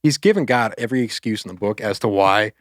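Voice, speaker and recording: A man's voice: lowish voice, fast talker, no room sound, clean studio sound. Casual male podcaster retelling a story. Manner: loose, conversational, acts out quotes with filler words. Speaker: podcast co-host.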